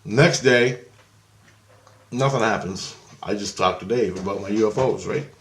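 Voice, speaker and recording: A man's voice: on the low side, a little slow, fairly bright tone, a little hiss or hum. A man telling a rambling, profane anecdote in a casual, repetitive way. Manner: rambling, profane, repeats himself. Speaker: storyteller. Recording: roomy echo.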